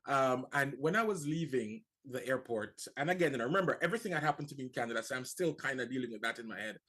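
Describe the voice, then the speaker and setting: A man's voice: mid-range voice, animated, quick pace, a bit bright. Earnest Jamaican man telling his story. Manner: earnest storytelling, repeats words when starting. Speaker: guest. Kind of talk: casual talk-show conversation.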